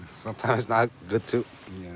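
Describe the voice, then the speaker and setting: Still groggy from a nap, a man with a voice on the low side chats on a live stream against a noisy background. His talk is relaxed and sleepy, with frequent laughter and casual swearing.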